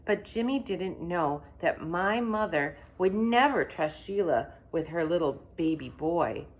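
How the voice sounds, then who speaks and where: Woman reader, animated storytelling, lowish lively voice. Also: measured pace. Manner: expressive, animated. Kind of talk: read-aloud storytelling.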